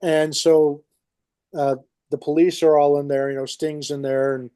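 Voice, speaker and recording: A man's voice: a little high, level tone, a little slow, warm tone, no room sound. A man with a New York accent co-hosting a podcast, telling long rambling stories in casual chat with many restarts. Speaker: podcast co-host.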